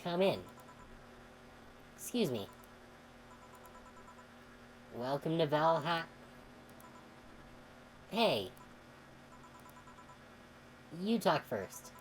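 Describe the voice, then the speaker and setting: A woman streamer reading a game's dialogue aloud, expressive and sometimes heated. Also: low voice, very slow, long pauses, a little hiss or hum, low-quality recording. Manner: expressive, swings into heated outbursts when reading.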